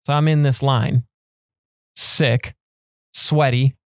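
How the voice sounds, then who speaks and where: A young man co-hosting a podcast, telling a story in a relaxed, wry way. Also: medium pitch, slow, clear, resonant tone, dry recording, studio quality. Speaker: podcast co-host. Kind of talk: casual storytelling chat.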